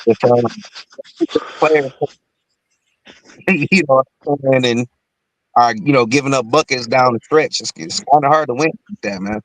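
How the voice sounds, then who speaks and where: A man's voice: medium pitch, animated, unhurried, pauses often, no room sound, poor audio. A man in casual sports chat, rambling with many fillers and short laughs between points.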